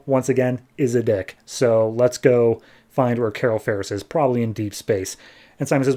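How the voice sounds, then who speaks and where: A man hosting a podcast, casually recapping a comic book issue and tossing in quick playful voices for the characters. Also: medium pitch, fairly even intonation, dark tone. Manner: retells scenes with quick playful quoted voices. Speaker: podcast host.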